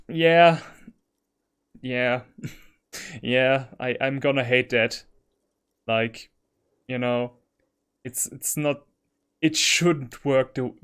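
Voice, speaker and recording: A man's voice: mid-range voice, a bit bright, clear, resonant tone. A German man commenting on a video game he is playing, rambling with laughing asides and reading dialogue choices aloud. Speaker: let's play streamer.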